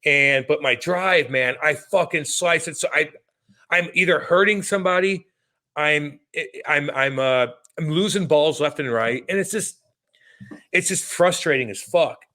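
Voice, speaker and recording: A man in his thirties co-hosting a podcast, telling stories in a profane, animated, casual way. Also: on the high side, measured pace. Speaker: podcast co-host. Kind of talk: casual chat.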